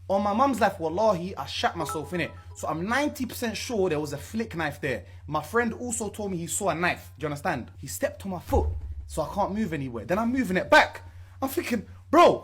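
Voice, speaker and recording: Excitable husky man. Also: sits high. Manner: dramatic, excitable retelling. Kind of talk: casual storytelling.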